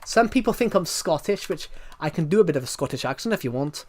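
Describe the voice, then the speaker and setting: A man's voice: fairly high pitch, lively intonation, fast talker. A man in his twenties from Southwest England chatting on a livestream, rambling and answering viewer comments with many ums and restarts. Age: 20s.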